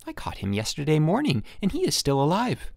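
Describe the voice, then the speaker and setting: A man's voice: wildly swooping pitch, fairly quick, vocal fry, dry recording, studio quality, exaggerated voice. A man voicing a six-year-old boy who is curious, asks questions, and cries easily, in a storybook reading. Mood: eager. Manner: high childish questioning voice. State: tearful, crying.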